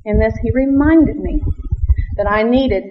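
A woman with a somewhat high voice shares her missionary testimony in an earnest, church-testimony manner. She laughs often and reads scripture in old-fashioned wording. The recording is dull and lo-fi. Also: measured pace, noisy background.

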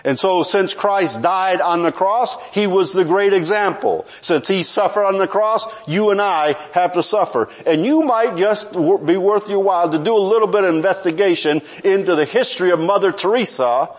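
High-voiced man preaching a sermon. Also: normal speed, few pauses. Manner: conversational, self-correcting, with frequent restarts. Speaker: pastor.

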